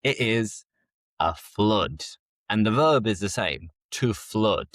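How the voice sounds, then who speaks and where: A man with a Yorkshire accent teaches English vocabulary on a podcast at an unhurried, deliberate pace. His fairly low voice rises and falls a great deal as he draws out each key word. The sound is dry and close. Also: expressive, fairly bright tone, no room sound. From northern England. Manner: slow, clearly enunciated teaching with drawn-out key words. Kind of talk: podcast lesson.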